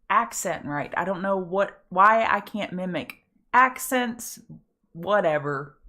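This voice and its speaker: A woman's voice: on the low side, a bit bright. A woman hosting a live market prep stream, upbeat and chatty, greeting viewers by name. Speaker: trading show host.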